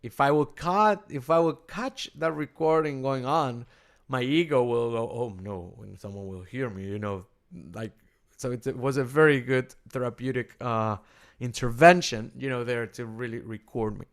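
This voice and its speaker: Gravelly man teaching, halting restarts. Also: mid-range voice. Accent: Argentine Spanish. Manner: halting, with many repeated words and restarts. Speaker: rabbi and cantor. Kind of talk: informal teaching talk.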